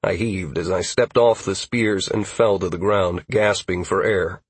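Man, audiobook narrator, fantasy story, steady delivery, husky, dry close sound. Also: low voice, measured pace, few pauses, no echo.

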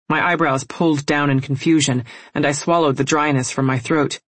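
A woman reading a first-person novel aloud in a measured, emotional storytelling manner. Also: low voice, slightly rough, no echo. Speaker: audiobook narrator.

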